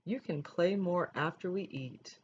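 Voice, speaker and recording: A woman voicing a patient elderly grandfather in a storybook read-aloud, speaking slowly, gently and firmly. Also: lowish voice, lightly acted. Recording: dull lo-fi recording, faint noise.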